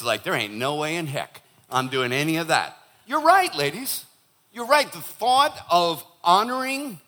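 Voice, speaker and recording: Joking pastor, man, preaching with a high, bright voice; playful delivery. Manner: animated and joking, acts out quoted voices. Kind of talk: sermon. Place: church.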